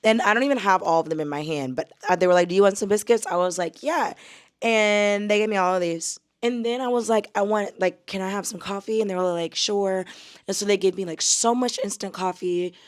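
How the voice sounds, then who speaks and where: A woman's voice: mid-range voice, brisk. A young woman from the United States, chatting casually to camera as a travel vlogger, full of fillers and calling her viewers y'all. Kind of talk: casual vlog chat to camera.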